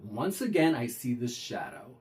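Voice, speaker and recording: A man's voice: mid-range voice, very animated, normal speed, a little mellow. Man casually telling a ghost story. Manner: conversational, retelling with frequent restarts and re-enacted dialogue.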